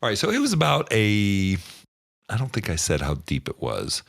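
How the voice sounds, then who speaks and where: A man running a tabletop game as game master, relaxed and halting, often laughing as he talks. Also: on the low side, gravelly, no echo, clean studio sound. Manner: relaxed, stumbling, often laughing mid-sentence.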